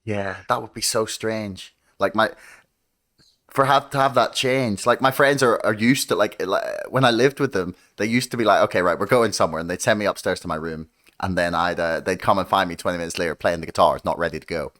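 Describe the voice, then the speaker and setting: A podcast host chatting in a relaxed, curious way. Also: low-pitched, fairly quick. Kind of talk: casual podcast conversation.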